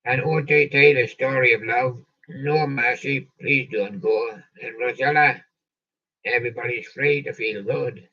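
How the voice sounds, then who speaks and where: A show host with a medium-pitched, husky voice reads out song lists slowly, punning and tossing off a quip after each title. It's a rambling live-stream chat full of jokey asides. The recording is dull, lo-fi and off-mic, sounding distant.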